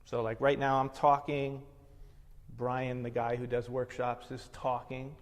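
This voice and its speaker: A male meditation teacher talks in an unhurried, reflective way at a mid-range pitch. His voice carries a long reverb tail, as if he were recorded in a large hall. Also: little pitch movement.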